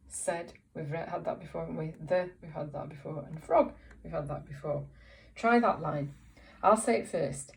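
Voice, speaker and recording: A woman's voice: fairly low pitch, moderate pace, vocal fry, a little mellow. A woman teaching a reading lesson to young children in an encouraging way, often asking tag questions. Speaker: primary school teacher.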